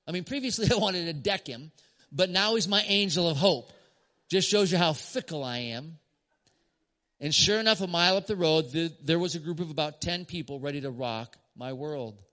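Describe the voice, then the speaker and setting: Bright-voiced male pastor in a reverberant hall. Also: a little high, animated. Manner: storytelling with emphatic pauses and short laughs. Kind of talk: sermon story to a congregation. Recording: long church hall reverb.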